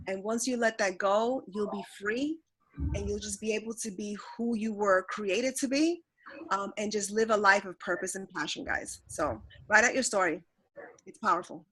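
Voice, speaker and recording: A woman's voice: mid-range voice, a bit bright, a little hiss or hum, poor audio. A woman speaking on a motivational team call, telling her own story in a candid, filler-filled way. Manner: candid, fast, full of fillers. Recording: conference call.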